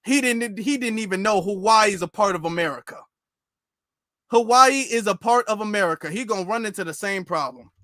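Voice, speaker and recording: A man's voice: high voice, brisk, sharp tone, dry recording, studio quality. A man hosting a livestreamed reaction commentary show, sarcastic and repeating his rhetorical questions.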